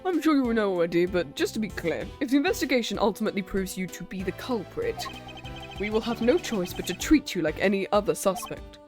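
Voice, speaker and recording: A woman voicing a stiff, formal male prosecutor who speaks in a measured, dry way. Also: mid-range voice, animated, close to an everyday voice. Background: faint game music.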